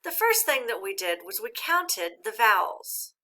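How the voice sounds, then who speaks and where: A woman teacher giving a recorded reading lesson, speaking slowly and clearly and encouraging young learners. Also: medium pitch, big pitch swings, pushed and bright.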